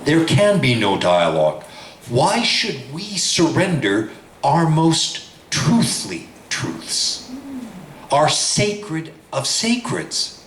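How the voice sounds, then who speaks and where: A man, a professor, reading a text aloud in a lecture in a slow, measured, deliberate way. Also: fairly high pitch, very animated, a bit bright, reverberant, a little hiss or hum.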